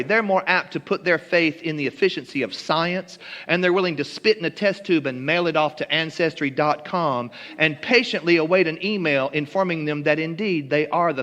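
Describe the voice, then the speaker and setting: Man with a bright, ringing voice. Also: a little high, in a large hall. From Kentucky. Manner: dry, mock-genteel wit with ornate wording. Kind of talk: humorous storytelling talk. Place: church hall.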